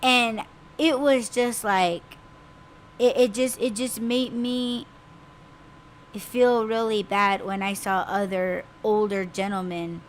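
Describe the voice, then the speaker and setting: Slow-talking woman podcaster, halting. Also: mid-range voice, steady tone, a little hiss or hum. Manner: halting, repeats herself often. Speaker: podcast host. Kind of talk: personal storytelling chat.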